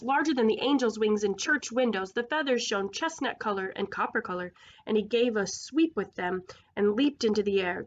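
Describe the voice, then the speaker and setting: A woman's voice: mid-range voice, muffled recording. A woman casually reading a children's story aloud, stumbling over words and making side remarks. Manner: informal, with slips, restarts and asides. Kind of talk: casual read-aloud narration.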